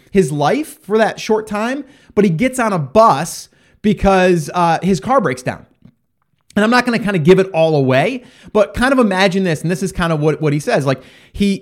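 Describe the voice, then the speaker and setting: A man giving a casual motivational talk to listeners, rambling and conversational with lots of fillers and restarts. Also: on the high side. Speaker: parent talking to listeners.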